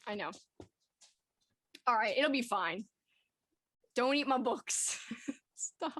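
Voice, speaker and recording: A woman's voice: on the high side, animated, slow pace, a bit bright. A woman hosting a casual chat, laughing constantly and apologizing between sentences. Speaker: host.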